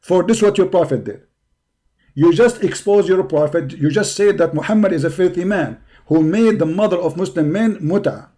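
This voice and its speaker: A hoarse man hosting a live stream, delivering a combative, mocking rant that taunts his opponents. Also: sits high, moderate pace, dark tone. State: hoarse from hours of talking.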